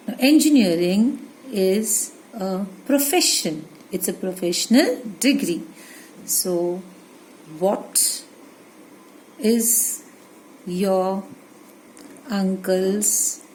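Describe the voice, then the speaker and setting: Slow-dictating Indian English woman teacher. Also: medium pitch, a little mellow, slight background noise, poor audio. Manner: slow, word-by-word dictation of examples. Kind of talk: grammar lesson for children.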